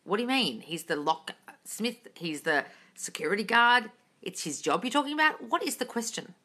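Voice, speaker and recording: A woman's voice: mid-range voice, very animated, normal speed, pushed and bright. A woman manifesting coach on a casual live stream, reading chat questions aloud and answering bluntly with a lot of swearing, with a slight British intonation.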